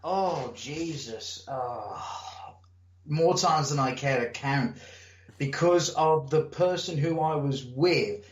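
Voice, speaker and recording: A man's voice: a little high, slow pace, slight background noise. Guy telling wrestling stories. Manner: animated storyteller, acts out crowd and promoter; swears casually. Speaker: wrestler, interview guest. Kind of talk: casual storytelling interview. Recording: echoey room, muffled lo-fi sound.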